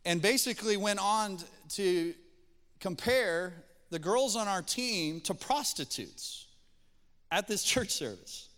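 A man preaching a sermon, telling a story in a folksy, animated way. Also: high voice, slow, pauses often, smooth, big-room sound. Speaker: pastor.

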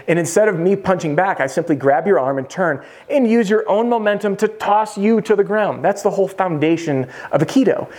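Talkative man coaching in a higher voice. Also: darkish tone. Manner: direct and conversational, addressing the viewer as "you". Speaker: roofing sales coach. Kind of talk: casual instructional talk to camera.

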